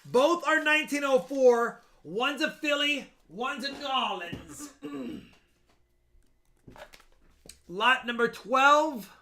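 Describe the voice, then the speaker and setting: A man hosts a live coin auction stream, talking loosely and chattily as he sizes up each coin. His voice sits high and sounds bright and clear. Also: expressive, extremely slow, long pauses, a little hiss or hum. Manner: chatty, appraising coins in loose run-on speech.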